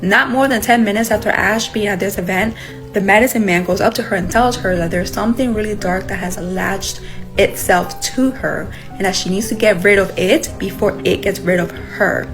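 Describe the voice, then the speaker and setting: A woman's voice: medium pitch, normal speed, music in the background, poor audio. A woman retelling someone else's ghost story in a chatty storytime way, closing with her usual catchphrase. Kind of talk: casual storytime.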